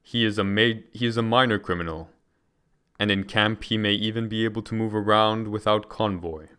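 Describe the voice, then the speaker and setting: A man reading a book aloud in a measured, deliberate way, now and then restarting a phrase. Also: fairly low pitch, steady tone, fairly bright tone, clean tone. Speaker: reader.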